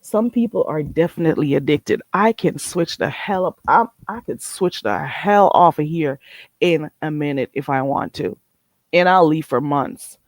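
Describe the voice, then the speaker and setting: A woman's voice: deep voice, expressive, moderate pace, no echo. A woman hosting a casual livestream, talking bluntly, swearing freely and answering her chat. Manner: reads chat aloud and answers it. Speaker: livestream host.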